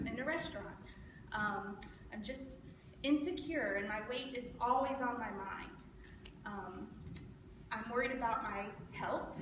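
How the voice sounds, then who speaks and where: A woman's voice: on the high side, close to an everyday voice. A woman playing an anxious, insecure woman, hesitant and full of ums in a stage monologue. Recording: echoey hall from far off, noisy.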